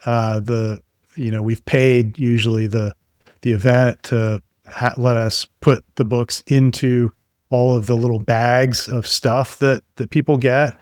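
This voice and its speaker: A man being interviewed as a guest expert, telling relaxed anecdotes full of fillers in a conversational way. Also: mid-range voice, no echo, clean studio sound.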